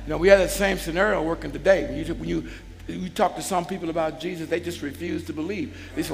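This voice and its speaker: A man preaching a sermon as a bishop, calling out to the congregation and building into shouts. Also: fairly high pitch, brisk, creaky. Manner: call-and-response preaching, swells into shouts. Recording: long hall reverb with faint music.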